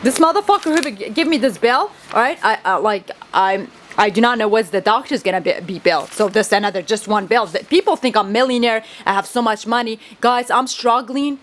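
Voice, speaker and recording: A woman whose native tongue is Kurdish vents to camera from a device held close. She rambles, swears and repeats herself in an agitated monologue. Her voice sits a little higher than most. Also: brisk, hardly any pauses, slight background noise.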